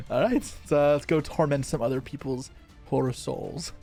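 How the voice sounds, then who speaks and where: A man streams an online card game, talking through each move as he plays it. His voice sits at a middling pitch, and his quick muttered asides run into one another as he thinks aloud. Soft music plays faintly underneath. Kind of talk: live gameplay commentary.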